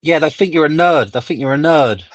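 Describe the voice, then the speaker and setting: A man's voice: on the high side, animated, brisk, no echo. A man co-hosting a casual livestream, teasing and emphatic, with frequent swearing. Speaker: livestream co-host. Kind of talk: casual chat. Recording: slightly dull dry sound.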